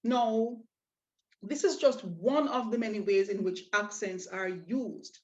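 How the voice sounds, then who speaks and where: A woman teaching a language lesson, explaining step by step with patient, drawn-out examples and rhetorical questions. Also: medium pitch, a little mellow. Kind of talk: slow, deliberate lesson explanation. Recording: dull, lo-fi audio.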